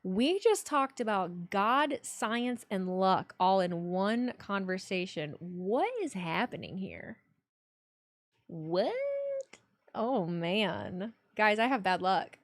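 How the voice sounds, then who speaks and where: A woman's voice: medium pitch, animated, takes it slowly. A young woman streaming casually, joking and speaking bluntly, with free swearing. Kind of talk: casual live-stream chat.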